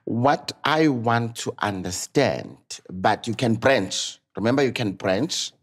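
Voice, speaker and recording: A man's voice: medium pitch, lively intonation, slow pace. A man with a South African accent hosting a podcast, framing questions in a loose, rambling way. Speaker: host. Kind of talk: podcast discussion.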